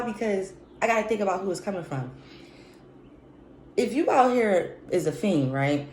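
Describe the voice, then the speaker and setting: A woman's voice: medium pitch, animated, normal speed, long pauses, darkish tone. A woman hosting a podcast, venting in a blunt, profane, unscripted monologue. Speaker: podcast host. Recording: roomy echo, faint background noise.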